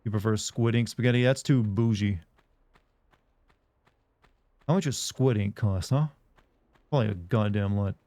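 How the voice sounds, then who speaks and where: A man's voice: fairly low pitch, normal speed, pauses often, mellow, no echo. A man chatting casually with viewers while streaming a game, rambling, joking, and laughing often. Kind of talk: casual chat while playing.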